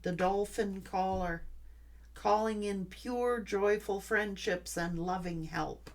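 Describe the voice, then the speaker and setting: A woman's voice: mid-range voice, fairly even intonation, slow pace, slight background noise. A middle-aged woman giving a tarot reading, speaking in an earnest, reassuring way in short, heartfelt phrases. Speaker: tarot reader.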